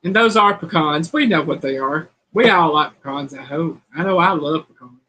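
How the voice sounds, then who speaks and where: A woman's voice: low-pitched, moderate pace, bright, forceful tone, rough recording. Folksy woman hosting a live chat. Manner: folksy, chatty, playful. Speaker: host of a cooking channel's live chat. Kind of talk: casual live-stream chat, reading quiz questions.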